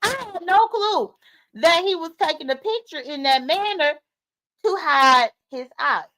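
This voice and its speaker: A woman hosting a casual livestream, commenting on drama and reading viewer comments aloud, animated and talking straight to her audience. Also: high voice, measured pace, low-quality recording. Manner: animated, talks straight to viewers, rhetorical questions. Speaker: YouTube commentary host.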